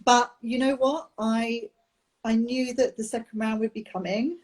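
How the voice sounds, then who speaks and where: A young adult woman, a nanny, talking candidly about a personal experience with many pauses and restarts over a video call. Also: fairly high pitch, fairly even intonation, a little mellow. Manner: open, halting, with many ums and restarts. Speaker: nanny sharing her IVF experience.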